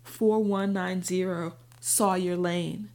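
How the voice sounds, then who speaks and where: A woman voicing an old male vampire drug dealer, cornered and seething, who speaks louder and more strained than her narration. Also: fairly low pitch, steady tone, slow pace.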